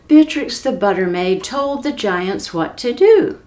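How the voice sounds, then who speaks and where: A woman reading a children's story aloud as a library storyteller. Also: on the low side. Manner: slow, expressive read-aloud.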